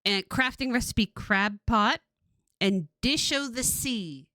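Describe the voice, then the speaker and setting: A woman's voice: fairly high pitch, takes it slowly, a little hiss or hum. A woman in her forties from California, chatting casually and laughing often while streaming a game. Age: 40s. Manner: rambling, laughs often, animated.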